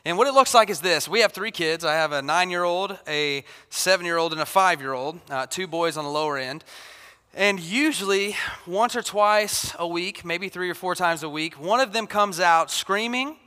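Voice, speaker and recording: A man's voice: sits high, moderate pace, pushed and bright, clean tone. A man in his thirties preaching a sermon, telling a family story and acting out his children's voices. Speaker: pastor. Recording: long hall reverb.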